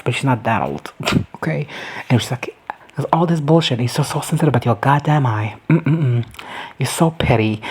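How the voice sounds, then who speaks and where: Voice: mid-range voice, husky, rough recording. A commentator giving a casual, rambling, profane and joking recap of a TV episode.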